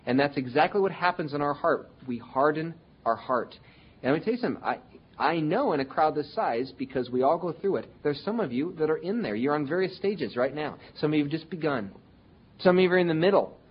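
A man's voice: medium pitch, husky, highs cut off. A man preaching a sermon to his congregation, speaking conversationally and slipping into whiny voices when quoting complaining people. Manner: conversational preaching with acted-out quotes of whining people. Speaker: pastor.

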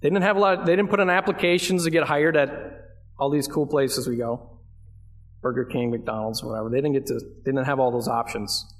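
A man's voice: medium pitch, fairly even intonation, a little fast. Conversational man preaching a sermon. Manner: conversational, asks the congregation questions; emphatic, leans on key phrases. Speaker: pastor.

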